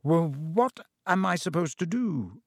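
A man's voice: fairly high pitch, animated, measured pace, no echo, studio quality. A man reading the part of a shy, unsure young wizard boy in a near-plain voice.

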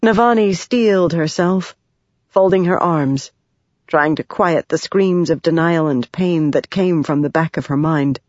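An audiobook narrator reading a fantasy novel in an even, measured way. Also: mid-range voice, no echo. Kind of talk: scripted narration. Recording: dry, dull lo-fi sound.

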